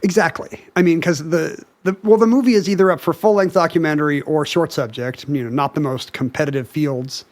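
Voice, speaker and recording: A man's voice: on the high side, fairly even intonation, fairly quick, hardly any pauses. A man co-hosting a podcast, casually explaining facts and looking details up as he talks. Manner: explains facts, looks things up on the spot. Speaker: podcast co-host. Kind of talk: casual chat.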